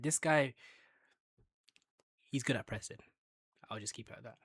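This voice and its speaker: A man's voice: mid-range voice, moderate pace, a bit bright, slightly rough, dry recording, studio quality. A man hosting a casual football chat, ranking players with banter and bursts of hype. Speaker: football fan channel host.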